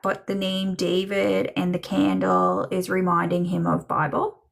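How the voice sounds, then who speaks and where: A woman doing a live psychic reading for chat viewers, slow and musing, with many ums and trailing thoughts. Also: lowish voice, level tone, creaky. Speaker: psychic medium.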